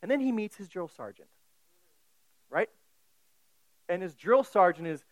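A man with a high voice preaches in a chatty way. He keeps asking the listeners questions as he talks. The sound is dry and close. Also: big pitch swings, moderate pace, long pauses, no room sound, poor audio. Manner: conversational, asks the listeners questions. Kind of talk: sermon.

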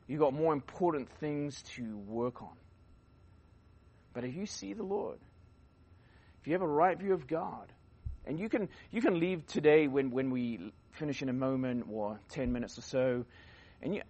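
A man giving a conversational sermon at a youth conference, rambling with restarts and fillers and swinging between loud emphasis and quiet asides. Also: mid-range voice, expressive, moderate pace, pauses often, breathy edge, dull audio.

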